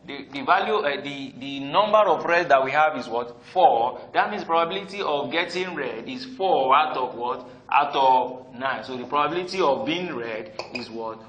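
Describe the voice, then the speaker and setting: A man's voice: medium pitch, animated, normal speed, hardly any pauses, fairly bright tone, dull audio. A man teaching probability, who keeps asking "what?" and then answers himself. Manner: keeps asking the class "what?", answers his own questions. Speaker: math teacher. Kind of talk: classroom lecture. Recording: echoey room, voice slightly distant.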